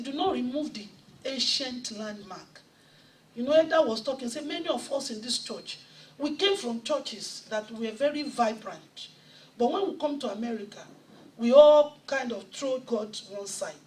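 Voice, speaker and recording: A woman preaching a fervent sermon in a high voice, swelling to shouts as she quotes scripture. She is picked up from well back in an echoing church sanctuary. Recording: echoey church sound from a distant mic.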